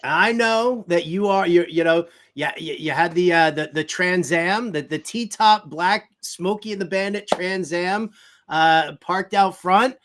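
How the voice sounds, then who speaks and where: High-voiced playful male host. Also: unhurried, a bit bright. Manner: playful, teasing, game-show style quizzing. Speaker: sports talk show host. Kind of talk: casual sports talk.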